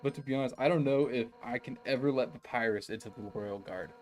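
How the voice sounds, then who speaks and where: A brash fish-woman captain of a royal guard, voiced by a man who simply reads her lines in his own ordinary voice. The delivery is plain and conversational, at an average pitch, with faint music underneath. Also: fast talker, darkish tone, lightly acted. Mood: boastful, casual. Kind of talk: reading game dialogue aloud on a live stream.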